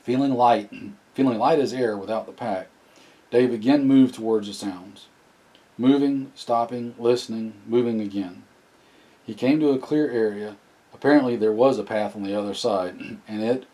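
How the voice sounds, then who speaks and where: A man reading a novel aloud as narrator, often clearing his throat. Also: fairly low pitch, normal speed, mellow, poor audio. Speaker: audiobook narrator.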